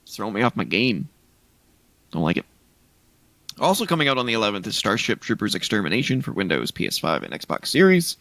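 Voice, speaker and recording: A man's voice: lowish voice, wildly swooping pitch, fairly quick, creaky, long pauses, a bit bright, no room sound. A man co-hosting a gaming podcast in casual chat, rambling through a list of game releases with restarts. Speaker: podcast co-host.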